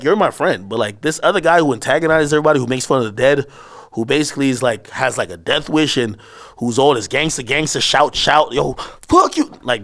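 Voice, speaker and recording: A man telling a story in a casual interview, cursing freely and acting out shouted lines from the people in it. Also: on the high side. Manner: animated storyteller, acts out shouted quotes; profane, slangy. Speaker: interview guest.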